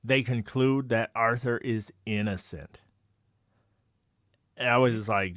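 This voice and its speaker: A man co-hosting a podcast, recapping a TV episode in a relaxed chat and laughing easily. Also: medium pitch, slow pace, pauses often, no room sound, clean studio sound. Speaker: podcast co-host. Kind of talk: casual episode review chat.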